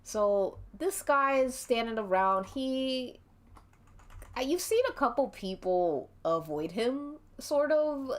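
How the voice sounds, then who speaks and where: A woman's voice: on the high side, lively intonation, takes it slowly. Chatty woman game master. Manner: chatty, giggly, storytelling. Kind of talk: casual role-play narration.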